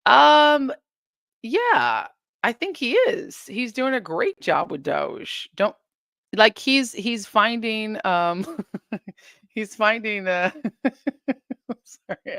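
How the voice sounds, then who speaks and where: A woman's voice: mid-range voice, very animated, slow, a bit bright, dry recording, clean studio sound. A woman hosting a casual live stream, chatting and reading viewer comments in a rambling, giggly way.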